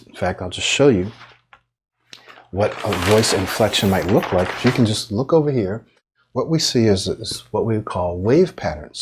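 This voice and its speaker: A man coaching on speech in an instructional lesson, speaking in a measured way and stretching words to stress them. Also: low-pitched, slightly rough.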